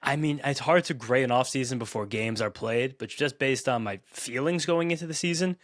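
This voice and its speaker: A man's voice: mid-range voice, brisk, no echo, clean studio sound. A man co-hosting a podcast in casual sports chat, eager and chatty, full of "like". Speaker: podcast co-host.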